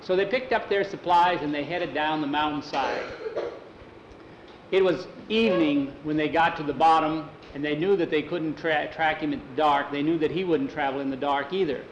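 A man's voice: on the high side, normal speed, echoey room, lo-fi sound, a little hiss or hum. A man telling an improvised adventure story aloud in a casual way, with restarts and many "he said"s. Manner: casual, repeats "he said", restarts words.

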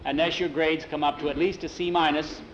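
A man's voice: on the high side, little pitch movement, a little fast, roomy sound, slight background noise, lightly acted. A man voicing a strict male schoolmaster who gives instructions formally. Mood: instructive. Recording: dull lo-fi recording.

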